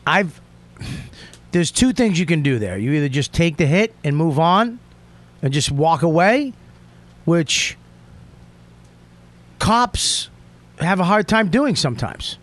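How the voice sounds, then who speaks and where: A male podcast host with a high, very lively voice that jumps all over the place. He swears constantly and tells a heated comedic story, often breaking into shouts. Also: takes it slowly, long pauses. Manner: profane, emphatic, swings into shouting.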